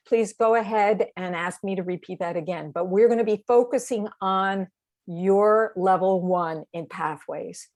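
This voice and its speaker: A woman's voice: medium pitch, darkish tone. A woman directing a speech training course over a video call, explaining assignments in an encouraging, step-by-step way. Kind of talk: online training session.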